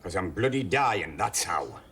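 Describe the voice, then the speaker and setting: An actor playing a stubborn, bitter old man from Darlington who is dying in hospital and speaks with a Northeast English accent, gruff, curt and short of breath. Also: sits low, very animated, unhurried, a bit bright, a little hiss or hum, full character voice. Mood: weary. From Darlington, northeast England. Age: older. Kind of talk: television drama acting.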